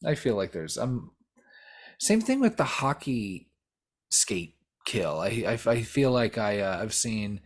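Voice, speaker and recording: A man's voice: lowish voice, very animated, slow pace. A man co-hosting a podcast, chatting casually about a horror film, rambling with many fillers, restarts and swear words. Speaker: podcast co-host. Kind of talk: casual movie discussion.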